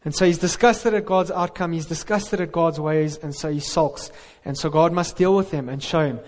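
A man's voice: a little high, moderate pace, few pauses, a little mellow. A man preaching a sermon, earnest and emphatic, with rhetorical questions. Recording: reverberant hall.

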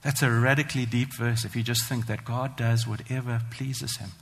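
A man preaching a sermon, earnest and emphatic, slowing down to stress the scripture he reads. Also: medium pitch, level tone, vocal fry, fairly bright tone. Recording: long hall reverb.

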